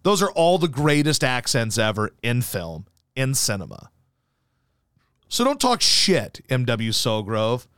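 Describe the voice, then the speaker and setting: A man's voice: medium pitch, big pitch swings, measured pace, a bit bright, smooth, dry recording, studio quality. A man hosting a talk show, telling rambling, profane stories in casual chat. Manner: profane, rambling storytelling full of fillers. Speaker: show host.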